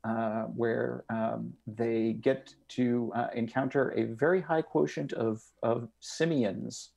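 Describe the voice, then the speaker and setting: Gravelly, mellow-voiced man guesting. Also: medium pitch, fairly even intonation. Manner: dry, wry, unhurried with many fillers. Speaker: game designer guest. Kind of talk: casual podcast chat. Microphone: studio mic.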